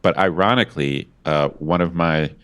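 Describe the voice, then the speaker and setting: A man's voice: sits low, moderate pace, a bit bright, smooth. A man co-hosting a podcast in casual chat, rambling and self-deprecating with lots of restarts. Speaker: podcast co-host.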